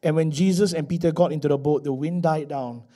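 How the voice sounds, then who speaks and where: A man preaching a sermon as pastor, moving between loud, emphatic declarations and hushed asides. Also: a little high, fairly even intonation, fairly quick.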